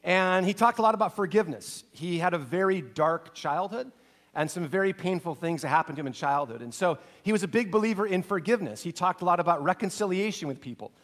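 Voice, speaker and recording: A middle-aged man preaching a sermon, telling a personal story earnestly, his voice dropping soft and low in emotional passages. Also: animated, fast. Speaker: pastor.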